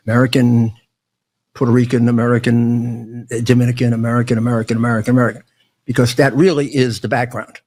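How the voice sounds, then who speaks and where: Gravelly older man, halting. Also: mid-range voice. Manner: halting, with many restarts and stammered words. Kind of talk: casual spoken monologue.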